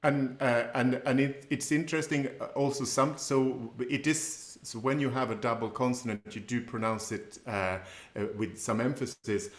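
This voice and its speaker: A man's voice: medium pitch, steady tone, moderate pace, echoey room. A man co-presenting a language class, explaining pronunciation methodically with some hesitation. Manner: explains methodically, many fillers and restarts.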